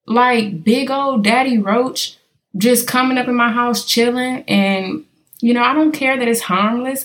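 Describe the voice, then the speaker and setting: A woman from California hosting a casual podcast, talking straight to her listeners as she tells stories. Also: a little high. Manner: chatty storyteller addressing listeners directly. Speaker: podcast host.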